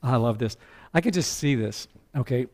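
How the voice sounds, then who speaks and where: A man preaching a sermon as pastor, animated, breaking into character voices. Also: medium pitch, normal speed.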